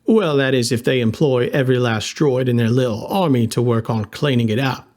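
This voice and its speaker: A man's voice: mid-range voice, brisk, a little mellow, close to an everyday voice. A man reading an audiobook, voicing a cheeky, mischievous helper who talks breezily. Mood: breezy.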